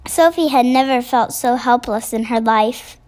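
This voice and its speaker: A woman narrating a children's storybook in a measured, expressive reading. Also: on the high side.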